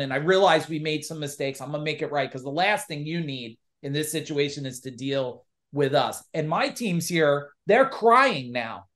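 Emphatic middle-aged male business coach. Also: on the high side. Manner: animated, emphatic, acts out quoted dialogue. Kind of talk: podcast interview storytelling.

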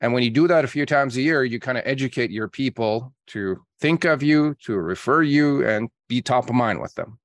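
A man being interviewed on a podcast as a marketing coach, explaining his ideas with lively quoted examples. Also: mid-range voice, normal speed, few pauses, no echo. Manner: energetic storyteller acting out calls in quotes.

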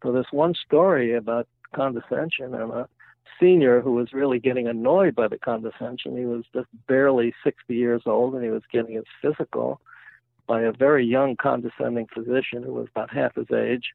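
A man's voice: medium pitch, steady tone, a little fast, vocal fry, no echo. An older retired man telling jokes and stories in a chatty interview. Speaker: guest, retired volunteer museum-ship guide. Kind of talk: casual interview storytelling. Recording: tinny phone-like line, dry.

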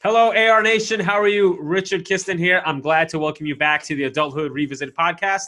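A man's voice: fairly high pitch, fairly even intonation, brisk, bright, forceful tone. A man hosting a podcast, chatty and upbeat, with frequent fillers and restarts. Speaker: podcast host. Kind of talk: casual podcast interview.

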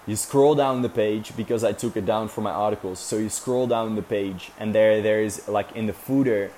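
A man's voice: lowish voice, moderate pace, mellow, a little hiss or hum. A young man casually telling a story as a vlogger, rambling with lots of fillers and swearing. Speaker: vlogger recounting a sailing trip.

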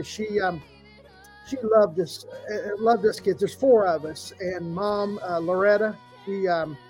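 Halting, emotional middle-aged man. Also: high voice, low-quality recording. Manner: warm storyteller, halting with fillers, tearful at times. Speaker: podcast co-host. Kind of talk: heartfelt podcast tribute.

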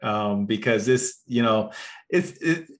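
A man co-hosting an interview, asking a closing question gently and with some hesitation. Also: lowish voice, animated, slow pace. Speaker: podcast co-host.

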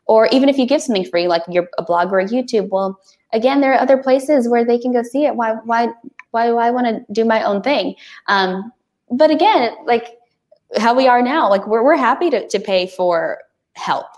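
A woman guest on a podcast, chatting casually and animatedly, with frequent restarts. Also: a little high. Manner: animated, talks fast with many restarts.

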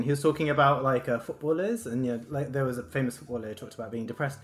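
A man co-hosting a casual chat, telling anecdotes in an animated way and laughing often. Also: a little high, very fast, few pauses.

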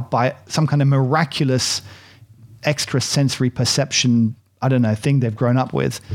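A man's voice: medium pitch, gravelly. A man hosting a casual chocolate tasting, chatty and rambling, poking fun at himself. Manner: chatty, rambling and self-deprecating.

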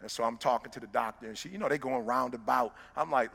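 A man's voice: medium pitch, fast talker, vocal fry, a bit bright. A man who works as a motivational speaker talks straight to a live audience in an emphatic, preacher-like way. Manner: emphatic, preacher-like, direct address to listeners. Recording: long reverb of a large hall.

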